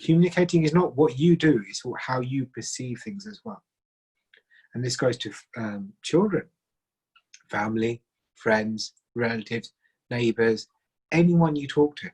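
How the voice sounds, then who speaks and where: A man's voice: medium pitch, animated, unhurried, long pauses, darkish tone, breathy edge, rough recording. A man giving a talk on relationships, earnest and emphatic, listing his points in short phrases. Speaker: relationship seminar speaker. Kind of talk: seminar talk.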